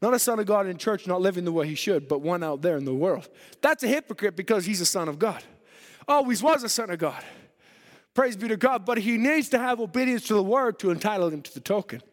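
High-voiced preacher in a reverberant hall. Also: male voice, expressive, brisk. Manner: fervent preaching, swinging between loud and quiet. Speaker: pastor. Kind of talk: sermon. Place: church. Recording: long reverb of a church hall.

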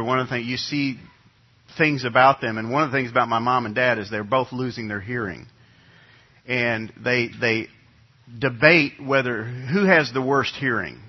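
A middle-aged man, a pastor, preaching a sermon in a relaxed, conversational way, telling a family story with frequent restarts and fillers. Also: mid-range voice, highs cut off. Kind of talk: sermon with personal anecdote. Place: church sanctuary.

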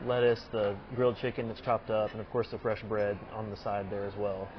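Man, restaurant owner, mid-range voice, easygoing and halting; dull sound, steady noise behind. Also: lowish voice. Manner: easygoing, explains dishes with many ums and restarts. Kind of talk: casual on-location interview. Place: restaurant dining room.

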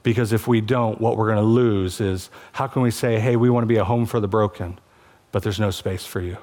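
A man's voice: lowish voice, fairly even intonation, a little fast, darkish tone. Passionate man preaching a sermon. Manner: passionate, conversational preaching with rising emphatic peaks. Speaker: pastor.

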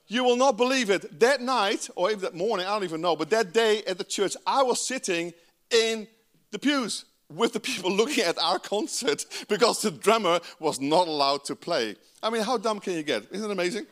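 A man's voice: sits high, expressive, moderate pace, a bit bright. A man from the Netherlands with a Dutch accent, preaching a sermon with emphatic, conversational asides. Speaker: pastor.

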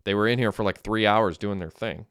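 Easygoing young guy, casual and profane, read by a male narrator, low smooth tone. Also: a little fast, fairly bright tone, dry recording, clean studio sound. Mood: calming. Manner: casual, swearing. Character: young man Derek, laid-back, tries to keep peace.

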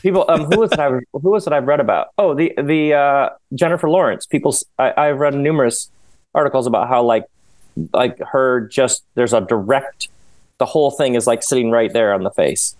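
A man talking as a podcast guest, rambling and animated, often laughing as he goes. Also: medium pitch, fairly quick, dry recording. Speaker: author and guest. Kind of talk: casual podcast conversation.

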